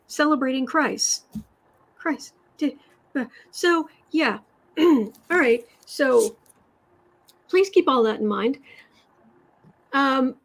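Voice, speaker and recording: A woman from West Virginia hosting a tarot and astrology livestream, telling stories in a rambling, animated way with sudden emphatic outbursts. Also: high-pitched, slow pace. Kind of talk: casual chat, storytelling.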